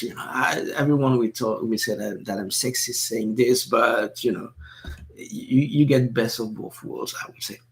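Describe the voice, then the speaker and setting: A man's voice: mid-range voice, gravelly. A man with a French accent hosting a casual live stream, talking with many fillers and restarts while reading viewer comments.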